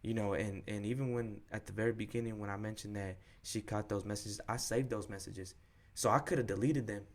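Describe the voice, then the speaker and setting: A man's voice: fairly low pitch, steady tone, fairly quick. A young man co-hosting a podcast, frankly retelling a breakup in slangy, profane everyday talk. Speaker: podcast co-host. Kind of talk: candid personal storytelling.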